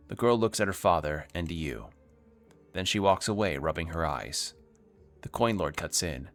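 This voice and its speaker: A man with a deep, low voice reads a narrative game aloud on a stream, his pitch swinging in a lively, expressive way. He slips in wry asides, with faint music underneath. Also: normal speed. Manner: wry asides between read lines.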